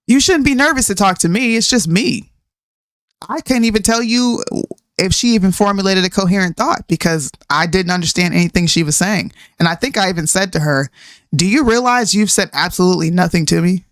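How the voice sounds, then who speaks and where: Animated woman ranting in casual chat. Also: fairly low pitch, no echo, studio quality. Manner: animated, ranting, with laughs and slang. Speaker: podcast co-host.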